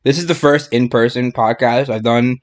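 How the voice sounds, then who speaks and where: A man's voice: medium pitch, steady tone, normal speed. A man hosting a casual podcast who keeps breaking into laughing fits. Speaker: podcast host. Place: in-person podcast room.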